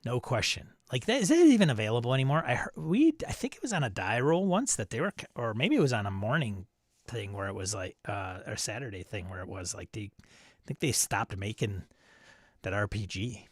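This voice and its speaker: A man's voice: lowish voice, sing-song, brisk, no echo. Chatty male stream host, dry sound. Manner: reads chat messages aloud, chuckling and riffing. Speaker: host of a live stream show. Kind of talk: casual live-stream chat reading viewer comments.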